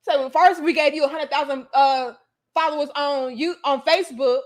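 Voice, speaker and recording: A woman's voice: sits high, fairly even intonation, moderate pace, natural voice. A woman voicing a scolding lady from her dream who keeps firing pushy questions. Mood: insistent.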